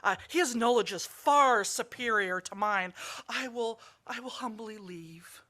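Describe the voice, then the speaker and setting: An anxious, self-effacing monk, as a woman reading a parable puts him on. The voice sits a bit high and has a bright, forceful edge. He speaks earnestly and humbly, as if he does not believe he belongs. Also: measured pace. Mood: humble. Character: humble, nervous visiting male monk. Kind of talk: storytelling in a service.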